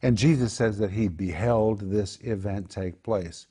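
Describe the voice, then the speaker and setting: A man's voice: lowish voice, unhurried, mellow, slightly rough. A man teaching the Bible in a home group discussion, explaining Greek words and repeating key phrases for emphasis.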